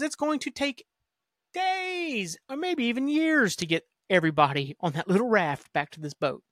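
A man's voice: a little high, dry recording, studio quality. Profane, rambling man recapping a show. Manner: rambling, profane, animated retelling with quoted lines. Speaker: podcast host. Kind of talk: casual solo rewatch recap.

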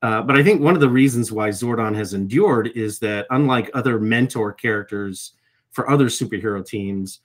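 A man's voice: on the low side, normal speed. A middle-aged man, a voice actor, giving reflective interview answers and often repeating words as he starts a thought. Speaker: voice actor guest.

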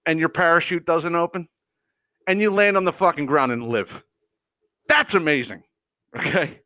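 A man's voice: a little high, bright, forceful tone, dry recording. A man hosting a podcast, ranting casually in a profane, exasperated way with lots of rambling asides and chuckles. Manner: profane, exasperated, mocks people in quick impressions; rambling, unscripted, frequent fillers and chuckles. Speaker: podcast host. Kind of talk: casual comedic rant.

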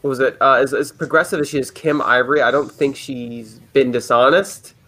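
A man's voice: medium pitch, steady tone, a little fast, a bit bright. Rambling, hesitant male commentator. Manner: rambling, hesitant, many restarts and fillers. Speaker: guest commentator. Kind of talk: casual political chat.

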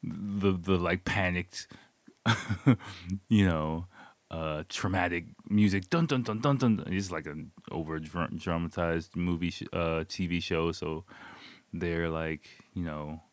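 A man's voice: low-pitched, level tone, takes it slowly, no echo. A man casually telling a story, rambling with lots of fillers and swearing. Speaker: vlogger.

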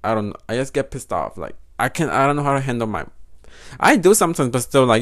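Young man, Mexican Spanish accent, podcast host, rambling, profane, mid-range pitch. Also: sing-song, brisk, fairly bright tone. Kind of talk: casual solo podcast talk.

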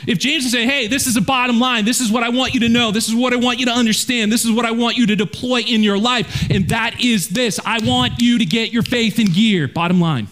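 A man's voice: extremely high pitch, brisk, few pauses, a bit bright. A male pastor preaching a verse-by-verse sermon in a direct, conversational way, often checking in with "right?".

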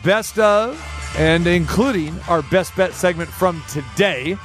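A man's voice: high-pitched, takes it slowly, fairly bright tone, faint music behind. A man hosting a sports talk radio show, upbeat and chummy with his guests.

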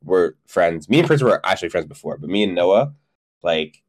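Young man with lively, low voice. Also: moderate pace. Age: young adult. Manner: laid-back reactions, laughing, lively pitch swings. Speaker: podcast co-host. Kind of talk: casual chat.

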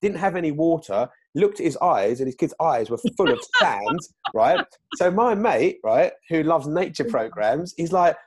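A man's voice: on the high side, very animated, moderate pace, husky. Joking man telling a funny story. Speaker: podcast co-host. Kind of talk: casual chat.

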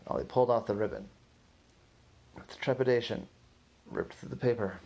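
A man telling a first-person story for a podcast in a slow, deliberate way, pausing between phrases. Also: mid-range voice, fairly even intonation, vocal fry, a little mellow, slightly rough.

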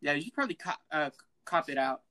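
A teenage boy hosting a casual podcast, telling a prank story in an excitable, laughing, slangy way and acting out the voices. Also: on the high side, quick pace, low-quality recording. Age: teens. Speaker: podcast host.

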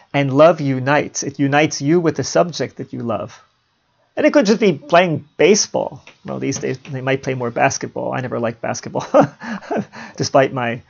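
A man hosting a podcast, musing on philosophy in a relaxed monologue and chuckling at his own asides. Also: medium pitch, gravelly. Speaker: podcast host. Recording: dull lo-fi home recording.

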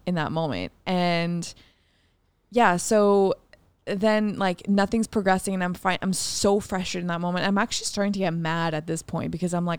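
A young woman speaks in a lowish voice, telling a story in a frank, unfiltered way. She swears freely and laughs often while she talks. Her voice sounds close and dry, with no room sound. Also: fairly even intonation, normal speed, clean tone, dry recording. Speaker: podcast co-host. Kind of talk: candid storytelling chat.

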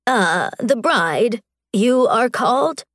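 A woman voicing a frightened male magistrate in an audiobook, halting and nervous. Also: on the high side, lively intonation, a bit bright, dry recording, studio quality, voice pushed up. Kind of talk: audiobook character voice.

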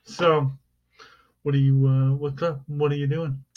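A man's voice: fairly high pitch, flat delivery, measured pace, noisy background. A man co-hosting a podcast, making jokes in casual banter. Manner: jokey, playful, switches into mock newsreader voice. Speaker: podcast co-host. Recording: dull lo-fi home recording.

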